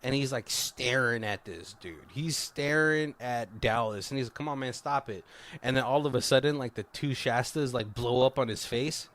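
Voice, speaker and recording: A man's voice: mid-range voice, moderate pace, a bit bright. A man co-hosting a casual movie review podcast, swearing freely and laughing as he retells scenes. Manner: profane, laughing, retells scenes doing quoted lines. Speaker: podcast co-host.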